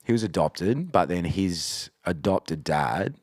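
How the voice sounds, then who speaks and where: A man's voice: low-pitched, animated, takes it slowly, darkish tone, no echo, clean studio sound. A man in his forties, a guest on a podcast, chatting casually, swearing constantly and asking "you know what I mean". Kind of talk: casual chat.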